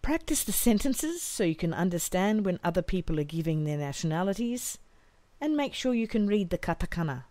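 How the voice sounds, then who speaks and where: A woman teaching a language lesson, modelling each phrase slowly and carefully for learners to repeat. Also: lowish voice, sing-song, warm tone, no echo.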